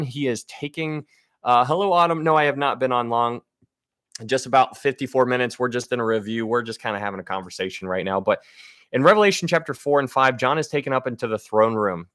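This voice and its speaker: A man leads a casual Bible study on a livestream and talks right to his viewers. He sounds enthusiastic and often restarts his sentences. His mid-pitched voice is recorded close and dry, with no room sound. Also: a bit bright, dry recording.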